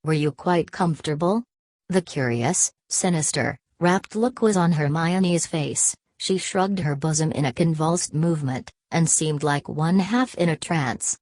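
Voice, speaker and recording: A woman narrating an audiobook in a steady, measured reading. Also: deep voice, dry recording. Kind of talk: scripted narration.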